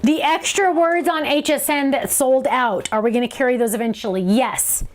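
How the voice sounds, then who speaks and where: A woman's voice: high-pitched, normal speed. A woman hosting a live craft show, answering viewer questions in a chatty, bubbly way and laughing often. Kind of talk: live stream Q&A chat.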